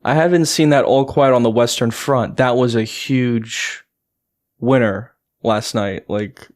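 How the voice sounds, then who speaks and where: A man's voice: mid-range voice, measured pace. A man co-hosting a podcast in casual chat, rambling with lots of fillers. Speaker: podcast co-host.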